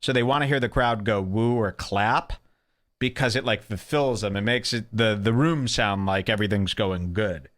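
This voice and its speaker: A man's voice: lowish voice, moderate pace. A man hosting a talk show, picking apart a comedy clip with sarcastic commentary and mocking impressions. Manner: sarcastic, animated, mimics others. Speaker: podcast host.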